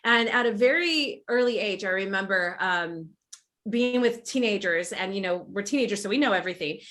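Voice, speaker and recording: A woman guest on a podcast, talking in animated, run-on sentences full of fillers and restarts. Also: mid-range voice, normal speed. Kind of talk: casual podcast conversation.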